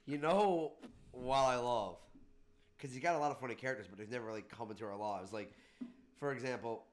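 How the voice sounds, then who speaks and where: A young man hosting a casual podcast, excitable and laughing a lot as he retells funny movie scenes. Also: mid-range voice, brisk. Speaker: podcast host. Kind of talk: casual chat.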